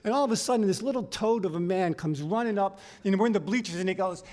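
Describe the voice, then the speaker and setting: A man from Los Angeles telling his life story at a recovery meeting, animated and profane. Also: high voice, quick pace, few pauses. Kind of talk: personal story talk.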